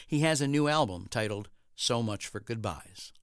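A man hosting a radio show, reading scripted links in a measured, even way into a studio microphone. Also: mid-range voice, clean tone, no room sound.

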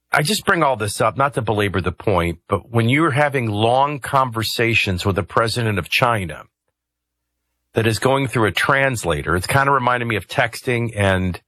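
A man's voice: mid-range voice, bright, forceful tone, dry recording. A man hosting a talk radio show, commenting conversationally with rambling asides and hesitations into a studio microphone.

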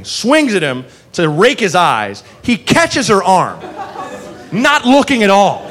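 Animated male stand-up comic, high and lively. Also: measured pace. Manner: animated, profane, acts out characters mid-story. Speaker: stand-up comedian. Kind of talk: stand-up comedy storytelling. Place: comedy club stage with live audience.

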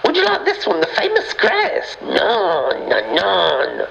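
Man putting on a chatty shop lady, gravelly, wildly swooping pitch, dull lo-fi sound. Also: unhurried, heavily acted. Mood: gossipy. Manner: animated storytelling with swooping squeals. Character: chatty middle-aged woman shop clerk Nolene.

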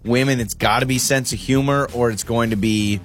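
A man co-hosting a radio show in casual banter, joking and getting loud and worked up. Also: medium pitch, steady tone, a little fast, soft background music. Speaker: radio co-host.

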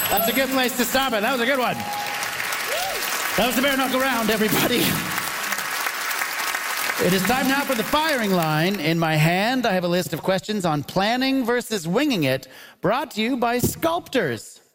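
High-voiced man hosting a comedy panel. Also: lively intonation, crowd noise. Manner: upbeat, punny, quick to laugh. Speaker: game show host. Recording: noisy live audience recording. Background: audience laughter.

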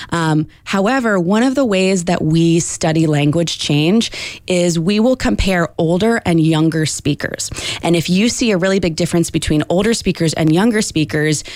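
A woman's voice: low-pitched, darkish tone, no echo, studio quality. A woman linguist, a young adult, explaining in a radio interview with frequent fillers. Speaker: linguist guest.

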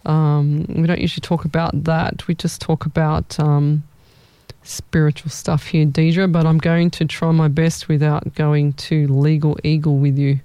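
A woman's voice: low voice, little pitch movement, measured pace, warm tone, clear, resonant tone, no room sound. A woman hosting a live-stream as a psychic medium, chatty and rambling, often repeating her words. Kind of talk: live-stream readings for viewers.

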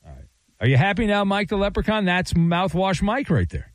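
A man's voice: high-pitched, huge pitch swings, fairly quick, no echo. A man hosting a sports talk radio show, teasing callers with showman delivery. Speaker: radio host.

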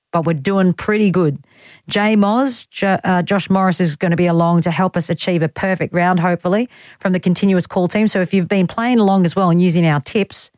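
A woman's voice: lowish voice, darkish tone, dry recording, studio quality. Chatty Australian woman radio host. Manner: chatty, self-deprecating, rambling asides. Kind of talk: casual talk radio chat. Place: radio studio. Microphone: studio microphone.

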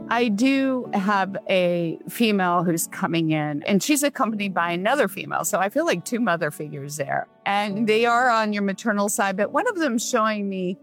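A woman hosting a call-in radio show as a psychic medium, giving gentle, reassuring readings to callers. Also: medium pitch, moderate pace, hardly any pauses, faint music behind. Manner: warm reassuring, relays messages in a gentle steady flow.

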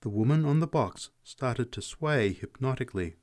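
A man's voice: mid-range voice, moderate pace, few pauses. A man narrating a story in the first person as an audiobook reader. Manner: lively, expressive reading.

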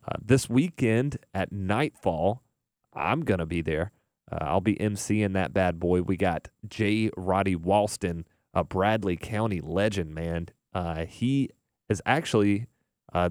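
A young man hosting a radio music show, chatting in a relaxed, rambling way full of "uh"s and restarts. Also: sits low, unhurried, no room sound, studio quality. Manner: relaxed, rambling, filler-heavy. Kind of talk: casual radio DJ chat. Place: radio studio. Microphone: studio mic.

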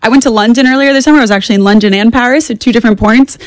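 A woman in her twenties, a guest on talk radio, speaking in a rapid, animated and opinionated way. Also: a little high, no echo. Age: 20s. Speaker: guest commentator. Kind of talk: casual political talk radio.

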